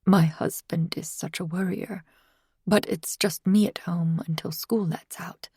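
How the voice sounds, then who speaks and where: A woman's voice: lowish voice, steady tone, measured pace, darkish tone, husky, no echo, studio quality. A woman voicing an anxious, polite woman neighbor who talks in fretful, apologetic bursts. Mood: worried.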